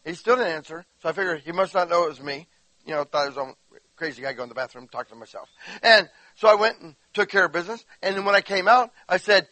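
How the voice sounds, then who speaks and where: A pastor delivers a chatty sermon, breaking into animated retellings of his conversations and asking the congregation questions. His voice sits high and rings bright and forceful. The sound is dry and close. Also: fast talker, dry recording, low-quality recording. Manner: animated storytelling, acts out quotes; conversational, addresses listeners directly.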